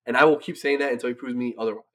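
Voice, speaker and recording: Racing along at medium pitch with fairly even intonation, this co-host delivers profane, casual sports talk. His rants are brash, heavy on swearing, and dotted with frequent "right?" asides.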